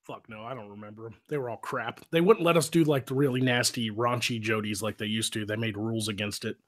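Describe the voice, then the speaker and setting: A man hosting a live stream tells stories casually, rambling, swearing a lot and laughing often. His voice is on the low side, fairly bright in tone and quick-paced.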